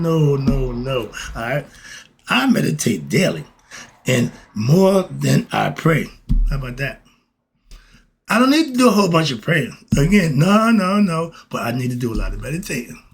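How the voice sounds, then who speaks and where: A man's voice: medium pitch, husky. A middle-aged man in a casual spiritual monologue who talks straight to the listener and keeps asking and answering his own questions. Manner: preachy, repeats "why?" and "okay?", talks to listener directly. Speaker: podcast host.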